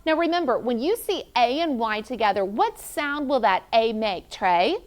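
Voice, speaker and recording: Her voice is a little high and animated as this teacher runs a phonics lesson in a classroom. She encourages the children and sounds out each letter slowly.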